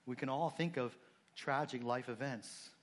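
A man preaching a sermon, earnest and conversational, dropping low and soft on emotional points and rising when he stresses a point. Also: measured pace. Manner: conversational asides and restarts. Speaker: pastor.

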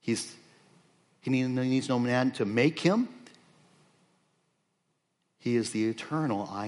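A man preaching on scripture, reading verses aloud and explaining them off the cuff with frequent fillers and restarts. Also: medium pitch. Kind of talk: expository sermon.

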